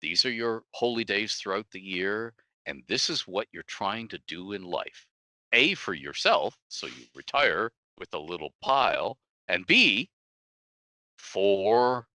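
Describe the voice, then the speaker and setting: Animated male guest author, lowish bright voice, laughs a lot. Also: no room sound. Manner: animated storyteller, laughs often, acts out quotes. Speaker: guest game-world author. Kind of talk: casual podcast interview.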